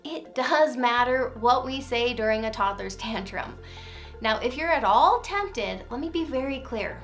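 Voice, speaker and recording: Woman, parenting coach, somewhat high voice, calm and clear, faint music underneath. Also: unhurried. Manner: calm, clear and encouraging, demonstrating phrases to say. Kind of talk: scripted instructional talk.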